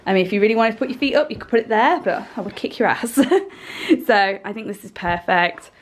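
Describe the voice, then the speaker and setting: A woman's voice: medium pitch, lively intonation, brisk. Chatty woman vlogging at home. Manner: chatty and enthusiastic, laughs often. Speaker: lifestyle vlogger. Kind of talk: casual chat to camera. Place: at home, indoors.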